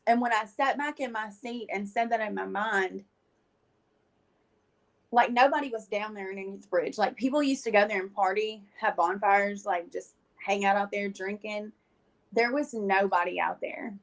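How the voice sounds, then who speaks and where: A woman's voice: mid-range voice, normal speed. A woman, a guest in an interview, telling her personal testimony in a blunt, slangy and emotional way.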